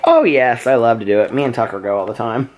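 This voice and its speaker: A man's voice: medium pitch, expressive, fast talker, close to an everyday voice. A man voicing his carefree, boastful male pet dog in a laid-back bragging drawl.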